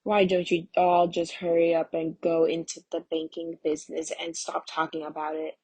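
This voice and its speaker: A woman reading the part of a bitter, restless young husband, talking loud and sneering. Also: lowish voice, steady tone, a little slow, breathy edge, no echo. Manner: angry, sneering, raised voice.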